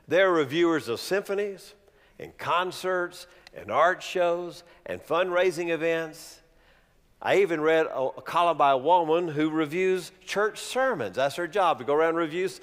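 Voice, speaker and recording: Lively male pastor preaching in an echoey hall. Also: fairly high pitch, moderate pace. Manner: animated, humorous preaching with rhetorical questions. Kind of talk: sermon. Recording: long reverb of a large hall.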